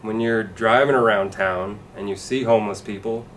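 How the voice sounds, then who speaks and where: Deadpan male stand-up comic. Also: on the low side, moderate pace, distant mic, a little hiss or hum. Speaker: stand-up comedian. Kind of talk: stand-up set.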